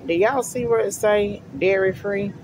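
This middle-aged woman speaks at a medium pitch in a steady, unhurried tone as she browses a large store for her shopping vlog, thinking aloud to viewers about purchases. The store around her makes the background noisy.

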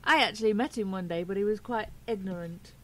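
A woman's voice: mid-range voice, fairly quick. A British woman co-hosting a casual radio show, giggling and teasing her co-host. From Britain.

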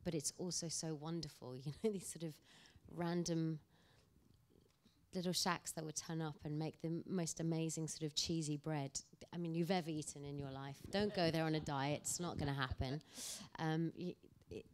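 A woman with a notably low voice talks as a guest at an onstage panel discussion. She tells her anecdotes in an animated, storytelling way. Her tone and clarity stay plain and ordinary. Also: normal speed, slight background noise. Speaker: actor guest.

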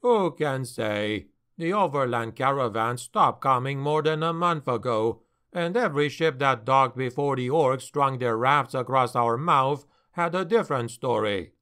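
A man's voice: mid-range voice, a little slow, few pauses, bright, forceful tone, clear, resonant tone. A man voicing a bitter, weary male dwarf harbor master who grumbles his complaints, for an audiobook.

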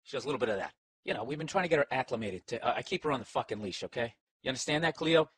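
A man's voice: medium pitch, expressive, rapid-fire, fairly bright tone, slightly rough. A middle-aged man with a Boston accent, rambling through a profane, sarcastic comic monologue as a podcast host. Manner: profane, sarcastic, talks to his dog.

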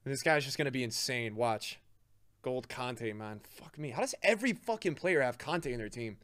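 A young man giving live commentary on his own football video game match to his chat, excitable, swearing often and yelling at big plays. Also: medium pitch, normal speed, dry recording. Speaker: game streamer.

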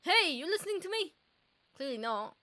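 Young woman gamer, high crisp voice, excitable, reads in-game dialogue aloud. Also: normal speed. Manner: excitable, reacting aloud, reading character lines. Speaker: let's play gamer. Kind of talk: casual gameplay commentary reading dialogue aloud.

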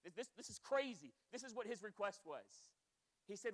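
A man's voice: high-pitched, lively intonation, fairly quick. A man in his thirties preaching a sermon with passion, often repeating words as he builds intensity. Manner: impassioned, repeats words when worked up.

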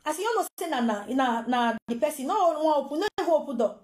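A woman with a high voice and a Nigerian Pidgin accent tells a true-life story in a lively, casual way. She repeats herself as she goes and acts out the voices of the people in the story. Her voice rings with a roomy echo. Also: quick pace. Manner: animated, repetitive, acts out quoted voices. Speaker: storyteller vlogger.

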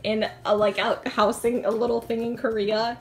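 A woman's voice: a little high, flat delivery, normal speed. A young woman chatting casually in a vlog, bubbly and giggly with lots of fillers, filming on a handheld camera. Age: young adult. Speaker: vlogger. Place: friend's apartment at dinner, later outdoors at night. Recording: background music.

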